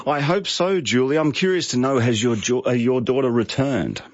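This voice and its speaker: A man's voice: medium pitch, moderate pace, no room sound. A man co-hosting talkback radio, mock-dramatic and theatrical. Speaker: radio co-host. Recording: dull dry studio mic.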